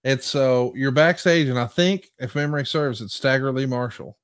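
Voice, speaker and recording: In a studio-quality recording free of room sound, a podcast co-host chats casually at normal speed. His voice sits at medium pitch, and he's an animated storyteller who performs the quotes he relays.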